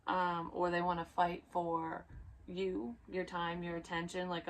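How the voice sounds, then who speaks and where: A woman's voice: lowish voice, little pitch movement, unhurried, a little hiss or hum. A woman giving a casual tarot reading, rambling and blunt, swearing freely as she goes. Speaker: psychic tarot reader.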